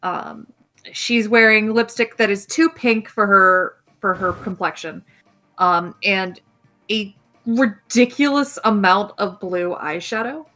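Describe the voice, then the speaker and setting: A woman's voice: medium pitch, slow, pushed and bright, soft background music. A woman narrating a tabletop game as game master, casual with lots of fillers.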